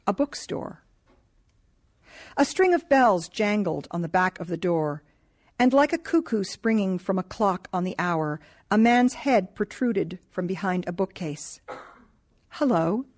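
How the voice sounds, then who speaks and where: A woman narrating a novel in a calm, measured reading voice. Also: mid-range voice. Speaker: audiobook narrator. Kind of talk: scripted narration.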